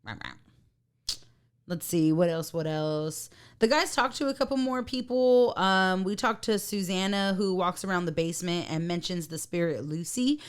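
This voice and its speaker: A woman co-hosting a casual podcast, telling the story of a TV episode with frequent laughter. Her voice sits a little low for a woman, and she acts out the people she quotes. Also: normal speed, few pauses, smooth. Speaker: podcast co-host. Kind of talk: casual chat recapping a TV episode.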